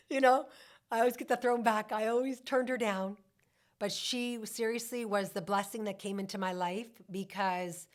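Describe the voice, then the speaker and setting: A woman in her forties, a mortgage broker telling her own story on a podcast in a candid, heartfelt way, often saying "you know". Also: medium pitch.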